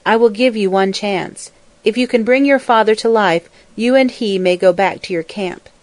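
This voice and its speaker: A woman voicing a solemn male buffalo bull in a folk tale, speaking in a slow, weighty way. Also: medium pitch, a little mellow, no echo, lightly acted. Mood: grave.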